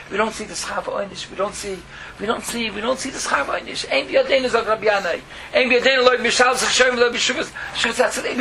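His voice is very high and creaky: a rabbi leading a Torah lesson, telling stories, weaving in words and leaping into exclamations over an even background hiss.

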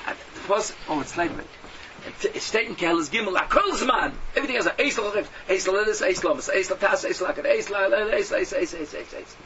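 A man giving a sermon to a class, mixing in Yiddish and Hebrew terms and swinging from hushed tones to loud exhortation. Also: high voice, animated, brisk. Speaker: Torah teacher. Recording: dull lo-fi audio from a distance with faint hum.

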